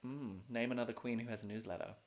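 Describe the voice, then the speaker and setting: A man's voice: medium pitch, fairly even intonation, fast. A man hosting a livestreamed drag show from home, chatting casually with plenty of fillers and self-mocking jokes. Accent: non-American. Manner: self-deprecating, joking, many fillers.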